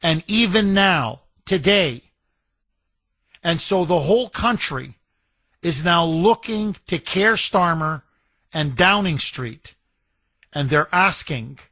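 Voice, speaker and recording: Male radio host, slow deliberate pacing, dry close mic, repeats lines for emphasis. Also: a little high, lively intonation, sharp tone, dry recording. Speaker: radio talk show host. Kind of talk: talk radio monologue, reading a listener letter.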